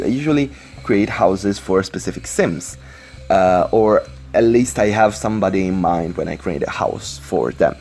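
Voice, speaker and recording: The commentator's voice is lowish and a little mellow. He speaks English as a second language and casually rambles through Sims speedbuild voice-over at home with a computer on his lap, adding many fillers and apologies.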